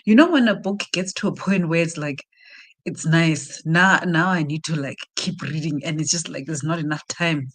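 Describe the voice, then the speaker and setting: A South African woman chatting casually on a live reading stream, retelling a book plot with animated asides. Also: deep voice, normal speed. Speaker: reading sprint host. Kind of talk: casual chat.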